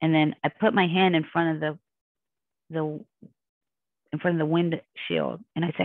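Gravelly woman on a tinny phone line. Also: sits low, steady tone, normal speed, long pauses, no echo. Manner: intense, rambling, emotional retelling. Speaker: podcast guest. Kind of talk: personal storytelling in an interview.

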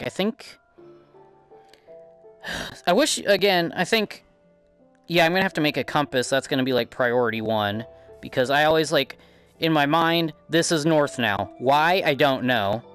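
A man's voice: medium pitch, fairly bright tone, clean tone. Rambling Midwestern man cursing through gameplay. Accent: Midwestern American. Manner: rambling, profane, self-deprecating. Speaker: gaming channel host.

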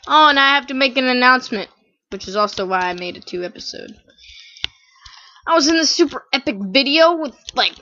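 Female gamer host, goofy catchphrase-heavy let's-play commentary, bright higher voice, dull lo-fi mic. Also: lively intonation, a little fast. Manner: goofy, playful, repeats catchphrases. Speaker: gameplay channel host.

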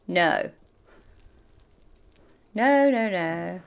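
A woman casually commentating her own gameplay, chatting to the game's creatures and breaking into loud panicked apologies. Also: fairly high pitch, expressive, slow, vocal fry, clean tone. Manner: chatty, talks to the game mobs, panics loudly with repeated exclamations. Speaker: gaming YouTuber.

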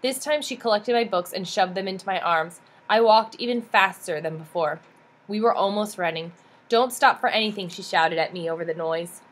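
A woman's voice: fairly low pitch, moderate pace. Earnest woman reading a memoir aloud. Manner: steady, earnest storytelling. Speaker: audiobook reader.

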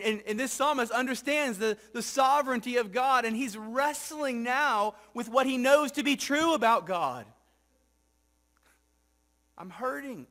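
High-voiced pastor preaching reflectively. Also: male voice. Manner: reflective preaching, often drops soft and low for scripture; asks the congregation rhetorical questions, frequent "right?". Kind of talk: sermon. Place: church sanctuary with congregation.

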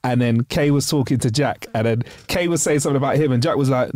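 A man's voice: medium pitch, quick pace, darkish tone, no echo. A young man, co-hosting a casual podcast and joking and laughing a lot. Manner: laughing, banter-heavy. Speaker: podcast co-host. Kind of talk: casual chat.

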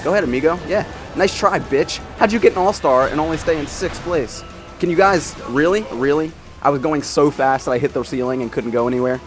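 A man's voice: a little high, fairly quick. A man giving casual let's-play commentary, swearing and exasperated as he trash-talks rival racers. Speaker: gameplay commentator. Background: game music.

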